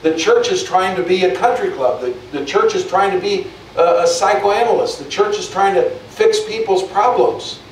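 Man preaching a loose, talky sermon; fairly high voice, recorded from a distance in an echoey hall with faint hum. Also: moderate pace, hardly any pauses. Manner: conversational preaching with many restarts and repeated words. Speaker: pastor.

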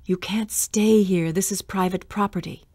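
A woman reading aloud and voicing a menacing male ghost watchman in a slow, breathy, mocking whisper. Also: medium pitch, steady tone, dark tone, no room sound, studio quality.

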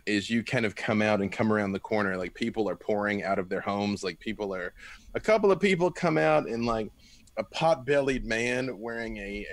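A man's voice: on the low side, no echo. A man narrating as game master of a tabletop role-playing game, loose and filler-heavy.

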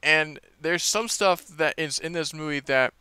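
A man talks through a movie trailer in a loose, rambling way, leaning on fillers and restarting his sentences. His voice is bright and very clear, recorded dry and close. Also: on the high side, measured pace, no room sound. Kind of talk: casual rambling review.

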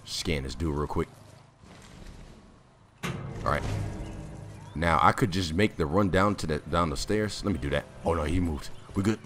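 A man giving casual gameplay commentary, jumpy and prone to sudden loud exclamations, with a slightly raspy voice. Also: deep voice, measured pace, long pauses, over music. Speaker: gamer.

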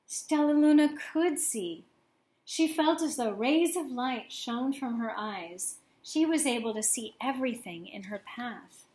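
A woman with a slightly high voice reads a children's picture book aloud, gently pausing to ask her young listeners questions. The sound is roomy.

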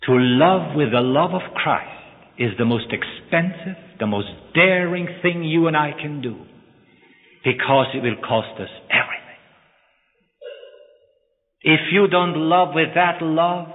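A man's voice: on the high side, expressive, a little slow. A male preacher telling a story in a dramatic, emotional sermon. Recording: echoey hall, phone-like lo-fi.

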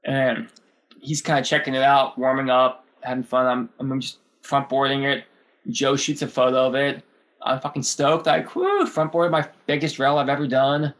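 A man's voice: medium pitch, little pitch movement, moderate pace, fairly bright tone. A man in his thirties, a guest skateboarder, telling rambling stories in a casual interview, laughing often and swearing freely.

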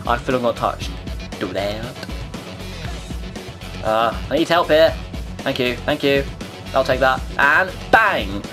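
A young man narrates his own gameplay as it happens. He is excitable, jumping between highs and lows in pitch, and he swears and mutters to himself. Faint music plays behind him. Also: a little slow, pauses often. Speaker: gaming video creator. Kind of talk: live gameplay commentary.

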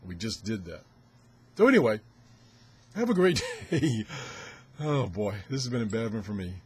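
An older man with a husky, slightly rough voice chats casually to camera as host of a ham radio show. He rambles along with chuckles and sounds a little out of breath. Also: lowish voice, big pitch swings, moderate pace, a little mellow.

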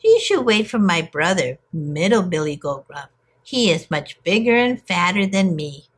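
Little storybook billy goat, young and male, high and piping, lively, as a woman reader puts him on. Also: unhurried, husky, exaggerated voice. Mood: pleading.

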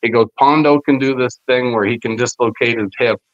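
A man spins rowdy backstage tales, jumping into the voices of the people in his stories and swearing freely. His voice sits at an ordinary middle pitch. The audio is dull and lo-fi, with a dry, close sound. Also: brisk, no room sound. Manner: animated storyteller, acts out quoted voices with profanity. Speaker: podcast guest, former wrestler. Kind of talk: casual storytelling interview.

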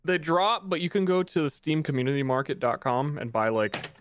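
A man in a group gaming call calmly explains game items and gives advice. His delivery is plain and matter-of-fact. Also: a little high, moderate pace, slight background noise. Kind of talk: casual gaming chat.

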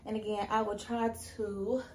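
A woman's voice: mid-range voice, flat delivery, normal speed, a little mellow, roomy sound, a little hiss or hum. A young woman chatting directly to her viewers in a casual vlog. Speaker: vlogger. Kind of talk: casual pregnancy update vlog. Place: room at home.

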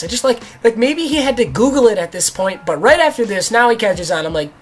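A young man, a gaming YouTuber, telling a story in a mocking, animated way, laughing often and swearing. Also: sits high, brisk. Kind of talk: storytelling commentary.

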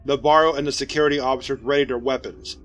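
A man narrating a scripted horror story in a steady, even storytelling voice. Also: medium pitch, fast. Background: faint music.

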